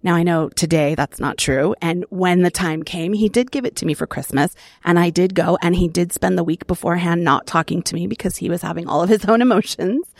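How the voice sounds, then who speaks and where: A middle-aged woman sharing her recovery story in an earnest, reflective way, with soft laughs between phrases. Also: on the low side, a little fast, hardly any pauses, dry recording, clean studio sound. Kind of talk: personal testimony.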